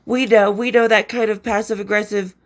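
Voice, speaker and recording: A woman's voice: mid-range voice, flat delivery, fairly quick. A woman hosting a podcast, chatting casually and enthusiastically about a film sequel, rambling and swearing now and then, a bit stuffy from allergies. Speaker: podcast host. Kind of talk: casual film review chat.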